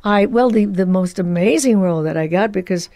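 An expressive woman in her eighties talks as an interview guest. Her voice falls into soft, quiet asides between livelier stretches. The studio sound is dry, with no room echo. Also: mid-range voice, fairly quick. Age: 80s. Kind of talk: casual interview conversation.

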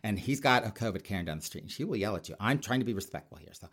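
A man's voice: lowish voice, animated, very fast, gravelly, fairly bright tone, breathy edge, voice pushed down, full character voice. A man voicing a fussy, catty male government official with a clipboard, who mutters whispered asides.

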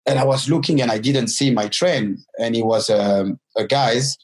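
A man, telling a personal story in a halting, casual way with many restarts. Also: medium pitch, poor audio. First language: French. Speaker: guest telling his life story.

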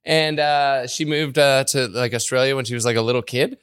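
A man's voice: medium pitch, level tone, fairly quick, a bit bright, clear, resonant tone, no echo, studio quality. A man hosting a radio show in loose, chatty conversation, full of fillers like "like" and "uh". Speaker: radio host. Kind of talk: casual talk-show chat.

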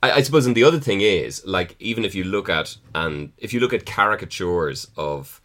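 Deep-voiced man hedging his thoughts. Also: animated, a bit bright. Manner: measured, hedging, thinks aloud. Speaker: podcast co-host. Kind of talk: casual chat about comedy.

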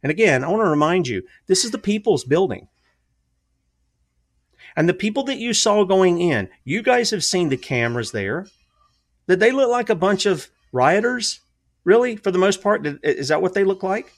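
A man hosts a casual political commentary with a somewhat high voice. He talks emphatically and keeps firing rhetorical questions at his listeners. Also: big pitch swings, normal speed. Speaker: commentary show host.

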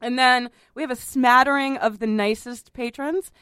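A woman's voice: high voice, steady tone, moderate pace, a bit bright, clear, resonant tone, dry recording, clean studio sound. A woman hosting a podcast in casual chat, talking chattily, often laughing and apologizing. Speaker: podcast host.

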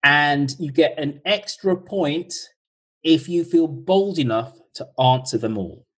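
A man hosting a podcast over a video call, reading out quiz questions slowly and repeating each one in a chatty way. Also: a little high, fairly bright tone, husky, poor audio. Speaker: podcast host running a quiz.

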